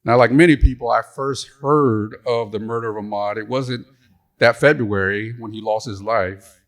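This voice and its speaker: In a conference hall, a middle-aged retired pastor delivers a storytelling lecture into a stage mic. His mid-range voice keeps a steady tone at normal speed, and his style is folksy and humorous.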